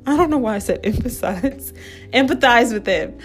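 A woman's voice: fairly high pitch, animated, normal speed, faint music behind. A woman hosting a podcast who gives relationship advice in a chatty, bubbly way, full of asides. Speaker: podcast host. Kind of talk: casual relationship advice chat.

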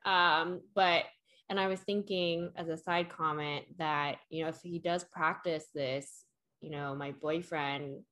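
A woman's voice: on the low side, a little slow, fairly bright tone. Chatty young woman telling a story. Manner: rambling, filler-heavy storytelling with acted quotes. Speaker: storyteller in a chat. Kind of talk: casual chat.

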